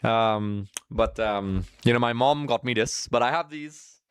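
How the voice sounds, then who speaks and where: A man's voice: medium pitch, a little slow, smooth, no room sound, studio quality. Chatty man hosting a stream. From Trinidad. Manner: chatty, greets viewers by name, keeps saying folks. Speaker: live stream host. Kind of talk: casual live watch-along chat.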